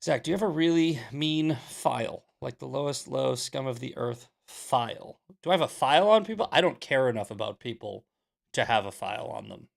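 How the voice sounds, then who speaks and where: A young adult man hosting a casual commentary show, blunt and sarcastic, telling stories in an animated way. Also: medium pitch, a little fast, vocal fry. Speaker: podcast host. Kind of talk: casual commentary, reading questions.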